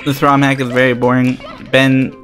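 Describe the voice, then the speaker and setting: A man's voice: medium pitch, completely flat delivery, normal speed, a bit bright, soft background music. A man giving live commentary while playing a game and answering his chat with sarcastic remarks. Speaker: game streamer.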